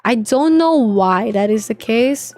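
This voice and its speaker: A woman's voice: on the high side, expressive, unhurried, a little mellow. A young woman streaming live, chatting casually and rambling with viewers, full of filler words and slang. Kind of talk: casual livestream chat with viewers.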